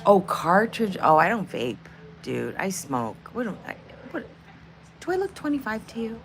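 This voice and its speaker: Lively, profane woman streamer. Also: medium pitch, normal speed, slight background noise. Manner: profane, rambling, laughs a lot. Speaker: livestream host. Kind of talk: casual livestream chat.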